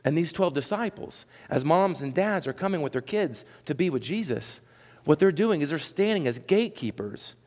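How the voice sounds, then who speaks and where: A man preaching a sermon to his congregation, animated and conversational, acting out what people said, with many restarts. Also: a little high, normal speed, in a large hall. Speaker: pastor.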